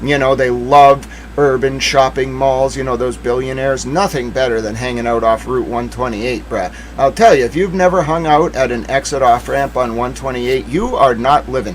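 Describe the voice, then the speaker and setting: A man's voice: mid-range voice, moderate pace, few pauses, slight background noise, rough recording. A man from Massachusetts hosting a casual livestream, talking in a sarcastic, joking, rambling way. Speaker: livestream host.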